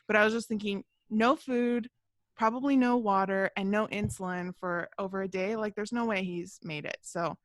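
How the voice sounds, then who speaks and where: A young woman co-hosting a podcast, talking casually over a video call. She tells stories loosely, with plenty of fillers and frequent laughter. Her voice is mid-pitched, and the sound is dry and close. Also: fairly even intonation, a little fast, few pauses, no echo. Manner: chatty, laughs often, many fillers. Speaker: podcast co-host. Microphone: video call mic.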